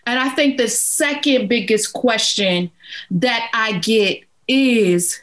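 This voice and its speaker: A woman speaks slowly in a high register, leaning on each phrase as she gives advice about grief. She repeats lines for emphasis, earnest and steady as an interview guest. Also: low-quality recording.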